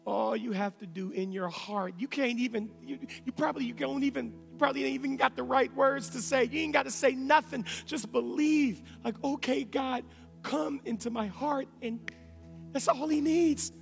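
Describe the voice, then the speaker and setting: A man preaches in a high, gravelly voice, driving home his points in repeated phrases. He drops to near-whispers and then climbs to shouts. The sound rings with the long reverb of a church hall, with faint music underneath. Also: fairly even intonation, moderate pace. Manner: swings between hushed whispers and shouting; emphatic, repetitive preaching cadence. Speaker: pastor. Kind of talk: sermon.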